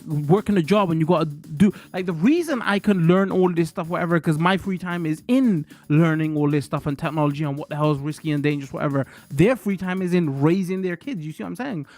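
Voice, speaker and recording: A man's voice: high-pitched, a little mellow, no room sound. A man, chatting casually to his stream viewers, rambling and slangy, full of fillers.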